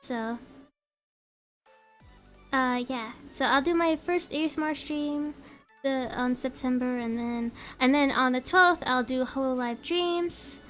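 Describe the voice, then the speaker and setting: A woman's voice: high-pitched, slow pace, a bit bright, faint music behind. A young woman chatting on a live stream in a bubbly, giggly, rambling way. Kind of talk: casual live-stream chat.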